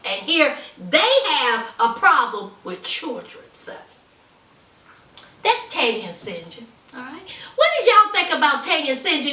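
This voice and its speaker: A woman's voice: very high voice, bright, forceful tone, distant mic. A woman giving sassy, gossipy casual commentary on a reality show, calling her viewers honey and child. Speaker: reality TV reviewer. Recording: roomy, voice off the mic.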